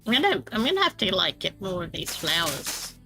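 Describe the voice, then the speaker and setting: Bright, gravelly-voiced woman chatting while gaming. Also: lowish voice, huge pitch swings, fairly quick, soft background music, low-quality recording. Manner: chatty, self-deprecating, laughs often. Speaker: Minecraft streamer. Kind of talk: casual gameplay chat.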